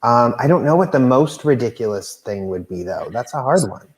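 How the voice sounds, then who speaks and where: A man's voice: mid-range voice, lively intonation, moderate pace, roomy sound. A man hosting a talk show remotely, chatting casually with rambling, self-deprecating asides and hesitant restarts. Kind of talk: casual chat. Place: home room, remote video call.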